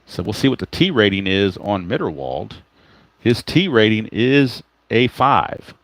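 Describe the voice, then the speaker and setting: A man's voice: lowish voice, big pitch swings, unhurried, no room sound. A man giving casual play-by-play of a tabletop baseball game, explaining each roll and chatting to viewers by name.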